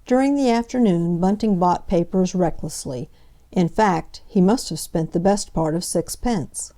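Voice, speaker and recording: A woman narrating a classic novel as an audiobook, in a measured, dramatic storytelling manner. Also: fairly low pitch, warm tone.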